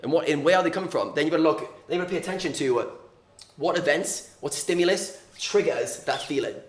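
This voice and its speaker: A man's voice: a little high, quick pace, a little hiss or hum. A man coaching viewers on mindset, explaining earnestly and repeating key words, sometimes acting out little examples. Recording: echoey room.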